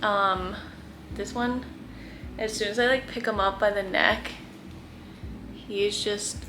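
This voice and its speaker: A young vlogger fostering kittens chats casually to camera from her guest room, her speech full of "like" and cooing baby talk. Her mid-range voice holds a steady tone at a slow pace, with frequent pauses and some background noise.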